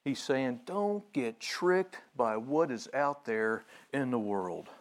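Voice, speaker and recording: A male pastor giving a conversational sermon, with many fillers and restarts, and growing animated when he retells a story. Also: mid-range voice, takes it slowly.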